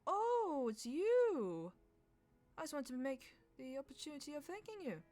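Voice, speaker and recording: A booming jovial minister, as a woman puts him on. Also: big pitch swings. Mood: hearty. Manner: hearty, drawn-out and exclamatory. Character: jovial booming upper-class male minister.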